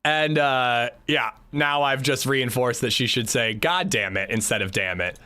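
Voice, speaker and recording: A man streaming a game live, chatting casually with viewers, swearing freely and breaking into loud laughs. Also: mid-range voice, unhurried, clean tone. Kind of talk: casual livestream chat while gaming.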